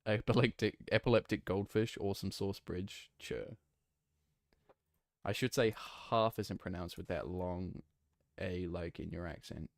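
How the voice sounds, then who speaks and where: A man's voice: sits low, little pitch movement, unhurried, gravelly, a little mellow, no room sound, clean studio sound. A man chatting casually and rambling while he plays a building game and answers his live chat. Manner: rambling, easygoing, lots of fillers and self-corrections. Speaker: streamer playing a block-building game.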